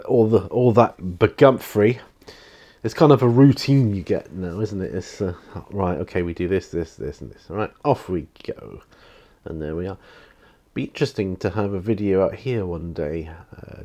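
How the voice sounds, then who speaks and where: A man's voice: lowish voice, darkish tone, lo-fi sound. A man hosting a hobby channel, chatting casually to camera in his home studio, rambling with restarts and fillers. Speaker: YouTube hobby channel host. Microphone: camera mic, speaking to camera.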